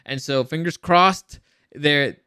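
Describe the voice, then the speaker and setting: Excitable man with a bright voice. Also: fairly high pitch, slow pace, clear, resonant tone. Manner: rambling, many restarts and repeated words; excited, speculative. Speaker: show reviewer. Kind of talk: casual review chat.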